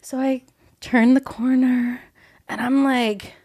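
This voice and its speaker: A woman in her forties telling a story as a podcast guest, animated and often laughing. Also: high voice, takes it slowly, slightly rough, no echo, studio quality. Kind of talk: casual chat, storytelling.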